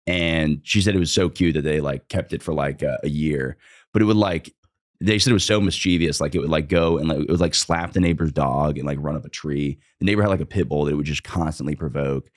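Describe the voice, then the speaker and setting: A man's voice: a bass voice, fast talker. A young man, a guest comedian, telling a long story in casual podcast chat, loose and profane, with lots of filler words.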